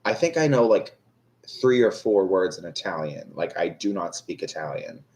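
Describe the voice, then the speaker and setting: Low-pitched and darkish in tone, this young adult man's voice has lively intonation and a moderate pace. As a tarot reader on a live stream, he chats casually and rambles with viewers, self-deprecating and full of fillers and restarts.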